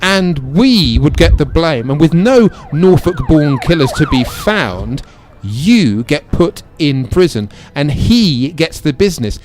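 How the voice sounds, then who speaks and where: A man as a sarcastic grown son in a radio comedy, with a slightly high voice. His dry put-downs rise and fall widely as he speaks. He sounds suspicious and mocking. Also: wildly swooping pitch, slow pace, darkish tone, exaggerated voice. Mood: accusing.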